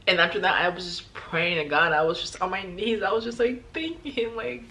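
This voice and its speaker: A young woman vlogger telling a personal story in a heartfelt, emotional way, with many sighs and pauses. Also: medium pitch, bright, forceful tone, slight background noise.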